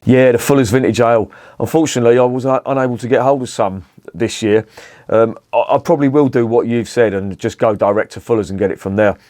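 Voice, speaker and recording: A man's voice: mid-range voice, fairly even intonation, quick pace, a little mellow, no room sound, studio quality. A middle-aged man with a London accent, chatting casually and bluntly on a beer review vlog, rambling and swearing at home.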